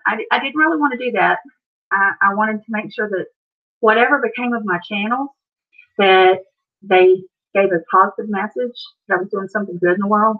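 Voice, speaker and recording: A woman's voice: mid-range voice, phone-quality sound. A woman with an Appalachian American accent hosting a casual live stream, chatting and answering viewer comments.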